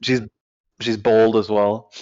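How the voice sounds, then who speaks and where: Halting man stumbling over fantasy names. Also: lowish voice, level tone, a little mellow. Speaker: game master. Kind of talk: describing characters in a tabletop game. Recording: dull lo-fi sound.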